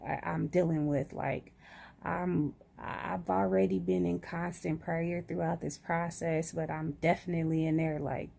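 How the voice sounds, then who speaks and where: A woman's voice: fairly low pitch, level tone, unhurried, creaky, warm tone. A woman chatting casually to camera, groggy after surgery, sprinkling "y'all" through her talk. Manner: chatty, says "y'all" often. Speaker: vlogger.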